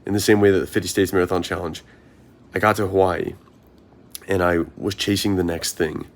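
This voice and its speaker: A man's voice: low voice, fairly even intonation, fairly quick. A young man, a marathon runner, talking through his thoughts in an earnest, rambling vlog monologue, often asking himself questions.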